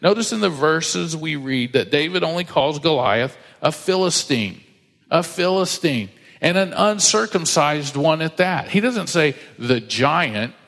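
A male pastor in full sermon mode, his voice pitched a little higher than most men's. He reads scripture and slips into animated quoted voices, and a long reverb trails each phrase around a big hall. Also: unhurried, vocal fry. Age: adult, married with children.

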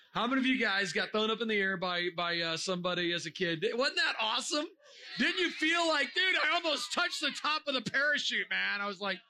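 A man delivers a lively sermon to a young audience, joking around and firing off rhetorical questions. His voice sits high and bright. He now and then breaks into a shout to drive a point home. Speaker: preacher.

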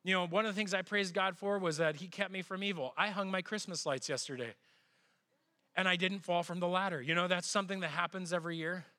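Bright, high-voiced man preaching. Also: steady tone, quick pace. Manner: acts out quoted voices with big pitch jumps, conversational and personal. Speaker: pastor. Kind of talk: sermon.

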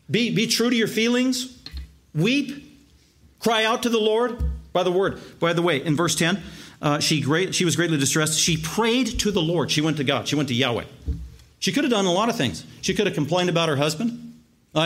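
A man preaching a sermon, emphatic, stacking repeated words into long lists and slowing down to stress key words. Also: on the high side, a bit bright. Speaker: pastor.

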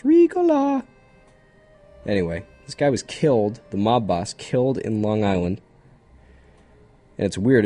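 A man's voice: lowish voice, mellow. A young man hosting a solo radio show, chatting casually in a rambling, jokey way that keeps drifting off topic, and running on no sleep. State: sleep-deprived.

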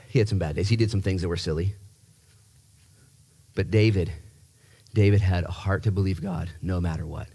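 A man preaching a sermon in a lively, joking way, repeating words and jumping up in pitch to stress a point. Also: moderate pace, long pauses, breathy edge. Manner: animated, jokey, repeats himself, voice jumps high for emphasis. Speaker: pastor.

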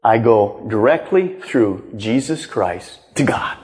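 A man preaching a sermon as pastor, swinging from loud emphasis to hushed, low lines. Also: animated, slow, big-room sound. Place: church auditorium.

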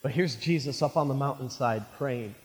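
A male pastor preaching a sermon, animated and jokey, calling his listeners friends. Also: mid-range voice, moderate pace. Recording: reverberant hall.

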